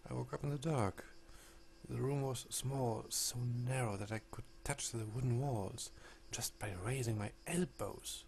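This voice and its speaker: A proud Victorian lady telling her story in a dark video game, read by a man. The voice is measured and deliberate, with a gravelly texture. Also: mid-range voice, steady tone, a little hiss or hum. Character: composed Victorian lady, sole survivor.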